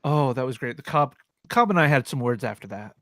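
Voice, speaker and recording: A man's voice: mid-range voice, dry recording, studio quality. A man on a veterans' panel retelling a service story in casual chat, speeding up in bursts and acting out what others said. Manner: lively retelling, quick bursts, acts out quotes.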